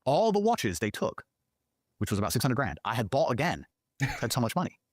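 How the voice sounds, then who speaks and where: Speaking briskly in a slightly rough, mid-range voice with huge pitch swings, a middle-aged podcast guest unwinds a long story in an animated clip. He curses freely and mocks other people by voicing their lines, all captured in clean studio sound without room sound.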